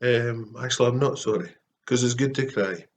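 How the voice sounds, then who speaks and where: A Scottish man talking earnestly and softly to camera in a casual, heartfelt vlog, pausing often. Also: mid-range voice. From Scotland. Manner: soft-spoken and earnest, with frequent pauses and fillers. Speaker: Christian artist vlogger.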